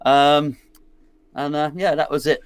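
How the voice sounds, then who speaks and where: A man's voice: fairly high pitch, steady tone, unhurried, clean tone, no echo. A man co-hosting a casual football chat, teasing the others and rambling through joking anecdotes. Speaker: podcast co-host. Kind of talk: casual banter on a football watch-along.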